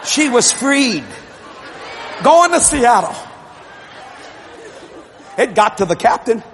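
A man, a television evangelist, telling stories in a sermon, often shouting and laughing as he goes. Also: very high-pitched, takes it slowly, some chatter behind, slight background noise. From Louisiana, USA. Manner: animated and shouting, laughing through his stories. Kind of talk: storytelling sermon.

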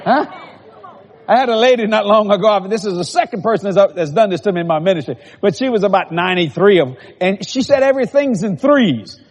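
A male preacher delivers a sermon, stacking phrases and firing questions at the congregation. His voice sits very high and sounds husky. It carries a long reverb from a large hall. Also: expressive, brisk. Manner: repetitive building cadence, calls out to the congregation.

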